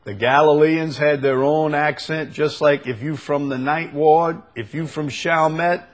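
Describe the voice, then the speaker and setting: A male preacher with a New Orleans accent, reading scripture and explaining it verse by verse, deliberate and rising to emphatic bursts. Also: a little high, steady tone.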